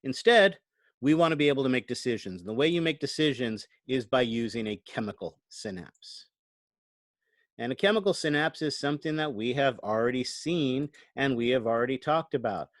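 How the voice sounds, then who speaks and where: A man's voice: medium pitch, expressive, normal speed, dry recording. Conversational male lecturer, dry sound. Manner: conversational, frequent "right?" check-ins. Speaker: college lecturer. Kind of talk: recorded online lecture. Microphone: computer microphone.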